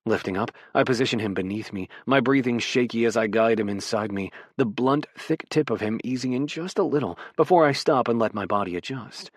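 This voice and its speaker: Soft-spoken man narrating intimately. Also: medium pitch, dry recording, clean studio sound. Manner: soft, intimate, unhurried reading. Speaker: audiobook narrator. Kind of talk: first-person romance narration.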